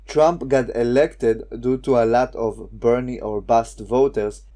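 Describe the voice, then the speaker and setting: A man's voice: mid-range voice, fairly even intonation, measured pace, dark tone. A man delivering scripted online political commentary in a sarcastic, scornful way.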